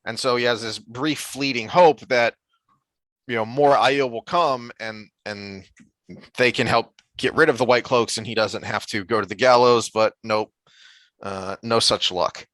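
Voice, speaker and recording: A man's voice: medium pitch, a little slow, fairly bright tone, no room sound. A man co-hosting a casual book discussion podcast, thoughtful and full of fillers and restarts, sometimes reading passages aloud. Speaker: podcast co-host.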